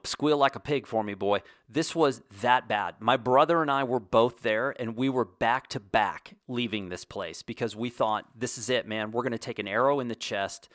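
A man telling a long casual story as host, animated and acting out quoted lines in his own voice. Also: mid-range voice, no echo, clean studio sound.

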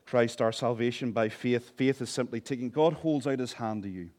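A man preaching a sermon as pastor, passionate, swinging between hushed and loud, with humorous asides. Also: mid-range voice, normal speed.

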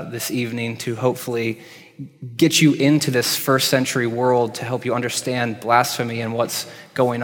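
A man preaching a sermon as pastor, conversational and reflective, pausing with ums. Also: medium pitch. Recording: hall with long reverb.

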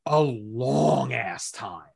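Slow, thoughtful man explaining comics. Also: mid-range voice, gravelly, darkish tone, breathy edge. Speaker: podcast co-host discussing comics. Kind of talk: casual chat.

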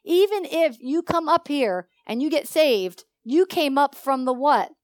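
A woman's voice: high-pitched, animated, a little slow, no room sound. Woman preacher, teaching sermon with testimony, questions to the congregation, dry close sound. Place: church.

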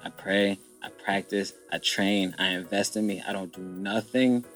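A young man with a low voice tells his story bluntly, full of slang and swearing, in a candid podcast chat. Faint music runs underneath. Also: fairly even intonation, normal speed, fairly bright tone. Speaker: guest.

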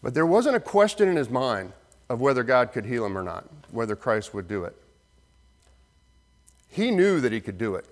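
A man preaching a sermon as pastor, earnest, slowing down for emphasis and acting out the voices in the story. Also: mid-range voice. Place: church sanctuary. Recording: long reverb of a hall.

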